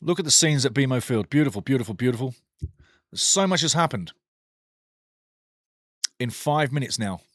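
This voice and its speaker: A man hosting a live match watchalong, calling the play and answering chat in an animated, opinionated way. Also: moderate pace, pauses often, no room sound, studio quality. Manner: animated, opinionated, swings from excited calls to low asides. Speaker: watchalong host commentating a match.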